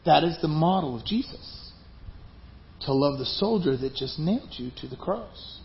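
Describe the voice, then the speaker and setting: A man's voice: fairly high pitch, lively intonation, moderate pace. A man preaching a sermon as pastor, emphatic and conversational. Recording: dull lo-fi recording.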